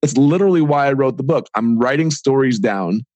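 A man in his forties, a podcast guest and author, talking in a casual, energetic and rambling way and acting out little imagined dialogues. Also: medium pitch, brisk, no room sound. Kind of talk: casual interview talk.

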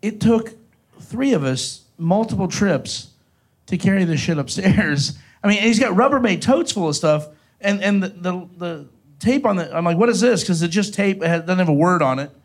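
A man's voice: high voice, expressive, normal speed. A man hosting a podcast in a casual chat, easygoing and chuckling. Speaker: podcast host.

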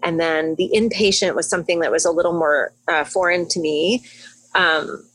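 Chatty husky woman podcast guest. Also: lowish voice, steady tone, normal speed, a bit bright, no room sound. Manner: chatty, laughs often, emotional storytelling. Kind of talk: casual podcast chat.

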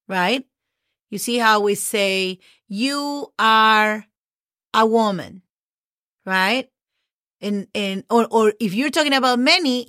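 Slow, patient Spanish-accented woman teacher. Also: mid-range voice, fairly bright tone, no echo, studio quality. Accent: Spanish-speaking. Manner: slow, repeats and spells out words, encouraging. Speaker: Spanish teacher, podcast host. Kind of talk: casual spoken language lesson.

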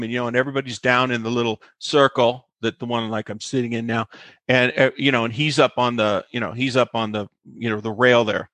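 A male actor, appearing as an interview guest, shares behind-the-scenes anecdotes packed with fillers and quotes he acts out. His voice is medium in pitch, his speed normal, and there's no echo on the recording.

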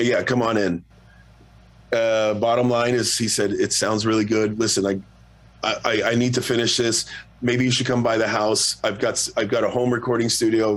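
A middle-aged man, a guest singer, telling a long story in a relaxed, profane, self-mocking way. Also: lowish voice. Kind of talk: casual storytelling.

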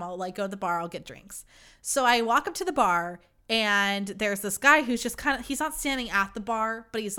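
A woman's voice: medium pitch, sharp tone, clean tone. Chatty young woman podcast host. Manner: chatty, swearing, heavy use of "like". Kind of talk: casual storytelling.

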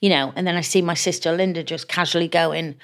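Chatty woman with a lowish voice. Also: fairly even intonation, quick pace, fairly bright tone. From England. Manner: chatty, acts out quoted voices. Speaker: guest. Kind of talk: candid interview conversation.

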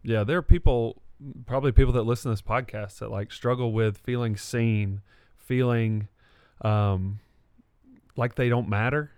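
A man's voice: medium pitch, fairly even intonation, normal speed, a little mellow, clean tone, no echo, clean studio sound. A man co-hosting a faith podcast, casual and encouraging, often agreeing and laughing. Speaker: podcast co-host. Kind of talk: casual chat.

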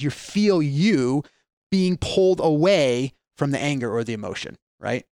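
A man with a fairly high voice explains ideas in a relaxed podcast chat, slipping into quoted voices and restarting sentences as he thinks. The sound is dry and close. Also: a little fast, no echo. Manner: animated storyteller, acts out quoted voices, frequent restarts. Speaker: guest speaker on mindset.

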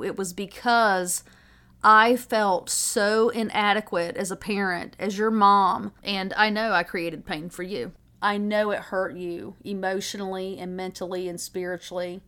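A woman's voice: medium pitch, fairly bright tone. A middle-aged woman, a mother, telling an emotional personal story in an earnest, reflective way.

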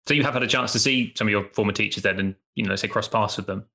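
A man's voice: lowish voice, rapid-fire, sharp tone. A man hosting a podcast interview, asking long questions full of hedges like "sort of". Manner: hedging, many fillers like "sort of". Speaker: podcast host.

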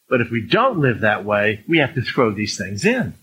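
Male pastor, conversational sermon, bright forceful tone, slightly higher voice, faint background hum. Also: sing-song, normal speed, few pauses, slightly rough, low-quality recording. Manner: conversational, acts out swearing speakers in a raised voice.

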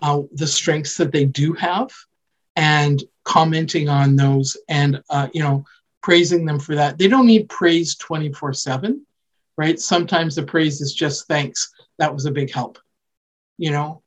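A woman from Canada talks through parenting advice as a podcast guest. She explains earnestly and conversationally, often checking in with a quick "right?" or "you know". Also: sits low. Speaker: child development specialist guest.

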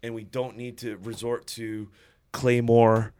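A man's voice: medium pitch, level tone, slow, darkish tone, clean tone, no room sound, studio quality. Profane rambling man. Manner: profane, rambling storytelling with restarts. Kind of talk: casual chat among friends.

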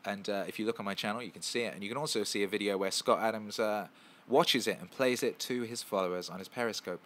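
Man streamer, lowish voice, swears a lot, repeats himself, chat Q&A. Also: fast, fairly bright tone. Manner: emphatic, profane, repetitive. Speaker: streamer answering chat questions. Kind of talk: casual live-stream Q&A.

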